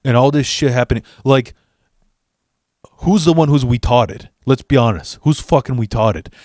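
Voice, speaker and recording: A man's voice: medium pitch, moderate pace, a little mellow, dry recording, natural voice. A man acts out a blunt, foul-mouthed best friend scolding his pal. The voice sits in an ordinary middle range. It is recorded very dry and close. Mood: mocking. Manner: swearing, scolding.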